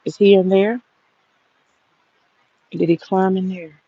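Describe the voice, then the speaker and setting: A woman's voice: mid-range voice, steady tone, slow, no room sound. A blunt, foul-mouthed woman rambles through a casual rant in her garden and talks straight to her viewers. Her voice sounds dry and close, with no room around it. The recording is dull and lo-fi. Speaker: vlogger giving commentary. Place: outdoor garden.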